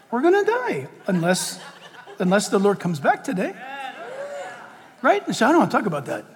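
A man preaching a sermon as pastor, impassioned and full of rhetorical questions, swinging from loud calls to quiet asides. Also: sits high, very animated, normal speed, pauses often, in a large hall. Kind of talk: outdoor sermon.

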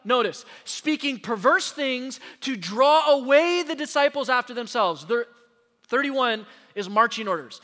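A man pastor preaching a sermon to his congregation, emphatic and slowing down to stress key words, recorded in a church sanctuary. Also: very high-pitched, animated, sharp tone. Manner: addresses the congregation directly. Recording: long hall reverb.

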